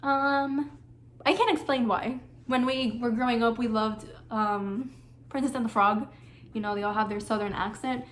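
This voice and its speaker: A woman's voice: a little high, fairly even intonation, moderate pace, a bit bright, slight background noise. A young woman chatting casually in her home kitchen as she hosts a cooking vlog, often drifting off on tangents. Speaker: vlogger.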